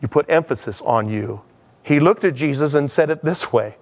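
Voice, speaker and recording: A man's voice: fairly high pitch, lively intonation, normal speed. Chatty male preacher giving a sermon. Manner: chatty, acts out dialogues. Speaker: pastor. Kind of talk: conversational sermon.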